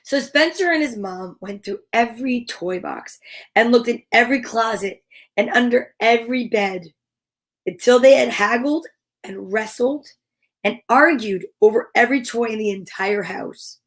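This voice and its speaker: A woman hosting a children's storytime, reading a picture book aloud in an animated, encouraging way. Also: on the high side, normal speed.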